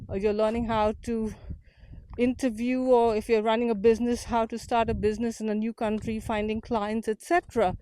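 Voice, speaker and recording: A woman's voice: on the high side, darkish tone, dry recording. A woman from India hosting an unedited walk-and-talk vlog outdoors, earnest and motivational, a little out of breath from walking uphill. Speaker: community founder and host. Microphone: small portable mic.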